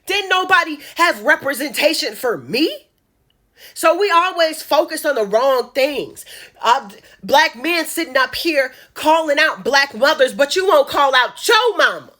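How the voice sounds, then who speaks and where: Woman from Chicago, slightly high, sharp-edged voice, impassioned direct-address commentary with repeated emphatic phrases. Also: expressive, unhurried. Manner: emphatic, repetitive, speaks straight to the audience. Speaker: social media commentator. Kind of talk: impassioned monologue to camera.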